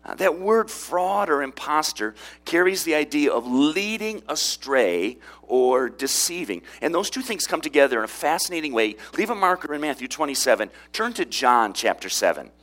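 A man's voice: a little high, sing-song, moderate pace, hardly any pauses, a bit bright. A man preaching a sermon in a conversational way, often asking rhetorical questions of his listeners. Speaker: pastor.

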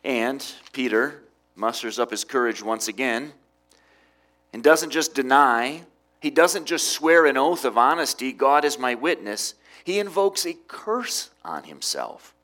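A middle-aged man preaching a sermon, with emphatic rises and quiet drops. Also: medium pitch, animated, measured pace. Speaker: pastor.

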